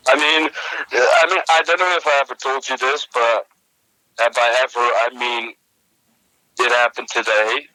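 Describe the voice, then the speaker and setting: A young man co-hosting a comedy podcast, telling a rambling story with many halting restarts. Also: medium pitch, steady tone, pushed and bright, no echo, poor audio. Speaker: podcast co-host.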